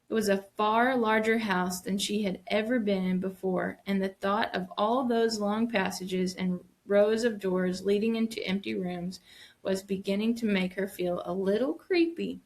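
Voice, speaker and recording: Teacher reading a novel aloud. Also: female voice, medium pitch, moderate pace. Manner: stops to explain reading points, stressing words.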